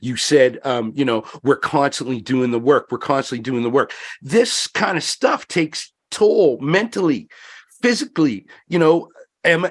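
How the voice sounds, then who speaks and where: A man's voice: medium pitch, expressive, moderate pace. A man hosting a round-table discussion, reflective and growing passionate, with many fillers. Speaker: podcast host.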